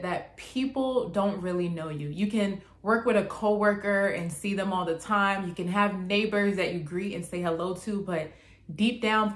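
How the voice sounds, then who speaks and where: Earnest woman explaining lyrics, echoey room. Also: fairly low pitch. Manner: earnest, gentle, explains phrase by phrase. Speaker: channel host explaining song lyrics. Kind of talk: casual explainer talk.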